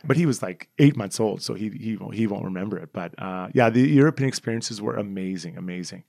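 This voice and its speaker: A Canadian man in his forties tells stories from his playing days at a brisk clip. He is chatty and self-deprecating, and he livens up as he retells a scene. The sound is dry and close, with no room in it. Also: fairly low pitch, gravelly, darkish tone, dry recording. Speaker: former hockey player, guest. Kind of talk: casual interview storytelling.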